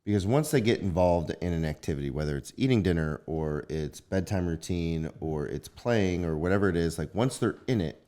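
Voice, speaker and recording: A man co-hosting a casual podcast chat, telling a parenting story with lively retellings of what he says to his son. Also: deep voice, fairly quick, hardly any pauses. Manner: animated storyteller, acts out his kid's voice. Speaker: podcast co-host.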